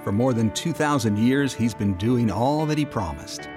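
A man reading a calm, scripted welcome for a church service. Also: mid-range voice, normal speed, music in the background. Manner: calm, welcoming announcer delivery. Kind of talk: scripted narration.

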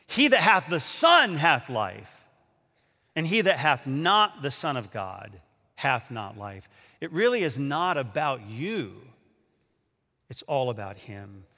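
A man preaching a sermon, telling a story and acting out the quotes with lively energy. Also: mid-range voice, slow pace, long reverb tail. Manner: animated storyteller, acts out quotes. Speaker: pastor.

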